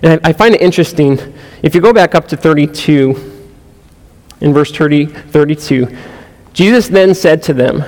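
A man preaches in an earnest, conversational way, circling back and restarting as he explains. His voice sits a little high for a man. The sound carries a long reverb, as if from a large hall. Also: normal speed, pauses often, a little mellow. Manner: earnest, conversational, frequent restarts and "you know". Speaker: pastor. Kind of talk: sermon.

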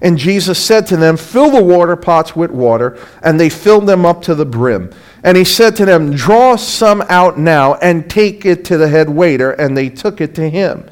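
Emphatic high-voiced male preacher. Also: lively intonation, normal speed. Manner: emphatic, swings from loud to hushed. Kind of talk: sermon.

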